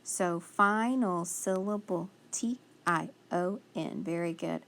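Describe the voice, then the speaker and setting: Slow, patient woman teaching phonics. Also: fairly low pitch, creaky, a bit bright. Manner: patient, encouraging, sounds out letters slowly. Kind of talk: phonics spelling lesson.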